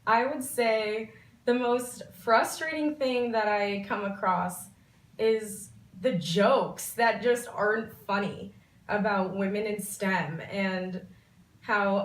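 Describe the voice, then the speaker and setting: A woman's voice: medium pitch, slow. A woman in her twenties, a pre-med student, answering interview questions frankly and directly. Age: 20s. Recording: echoey room.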